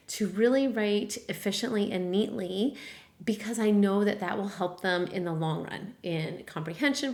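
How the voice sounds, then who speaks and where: A middle-aged woman explaining to parents how to teach a child to write words from sounds, modeling sounds and handwriting chants in an encouraging, sing-song way. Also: medium pitch. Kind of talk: instructional demonstration.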